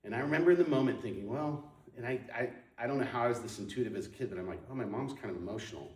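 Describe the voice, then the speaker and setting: A man's voice: mid-range voice, lively intonation, very fast, darkish tone, roomy sound, recorded from a distance. A man sharing his personal testimony, storytelling with lots of ums and restarts. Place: moved to Portland in the nineties.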